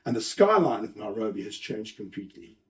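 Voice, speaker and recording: A man giving a lively conference talk, telling anecdotes, acting out quoted lines and chatting with the audience. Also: on the low side, brisk. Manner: animated storyteller, acts out quotes, chats with audience. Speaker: host and speaker.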